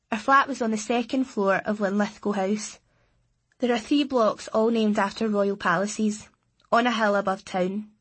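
Husky woman narrating a story. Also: mid-range voice. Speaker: audiobook narrator. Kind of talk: scripted first-person narration.

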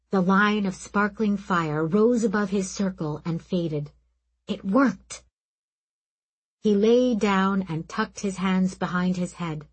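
A woman reading a fantasy novel aloud in calm, even scripted narration. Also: on the low side, slightly rough, poor audio. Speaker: audiobook narrator.

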